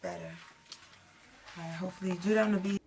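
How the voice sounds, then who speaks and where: A woman's voice: on the low side, steady tone, fast, creaky, a little mellow. A woman coaching her son in a recording studio. She gives emphatic, directive instructions and chats casually for a reality vlog.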